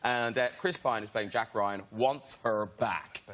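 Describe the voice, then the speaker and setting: A man's voice: fairly low pitch, a little slow. A male talk show host bantering cheekily with guests in a TV studio. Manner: cheeky, teasing. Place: TV studio with live audience. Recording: loud studio audience and noise.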